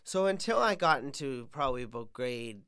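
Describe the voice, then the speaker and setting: A man's voice: medium pitch, animated, brisk, a bit bright, clear, resonant tone. A young man from Canada hosts a casual chat. He rambles through stories with plenty of fillers and self-deprecating humour. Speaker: podcast host.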